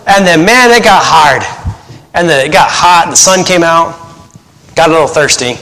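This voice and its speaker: A man's voice: a little high, fairly quick, bright, forceful tone, long reverb tail, rough recording. A man in his thirties preaching a casual sermon as a missionary pastor, conversational and joking, acting out quotes. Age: 30s.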